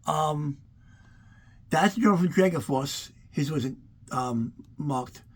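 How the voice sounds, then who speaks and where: A man's voice: on the high side, takes it slowly. A man tells rambling, profane stories while giving a casual tour of his collection. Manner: rambling, profane, animated anecdotes. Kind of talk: casual storytelling to camera.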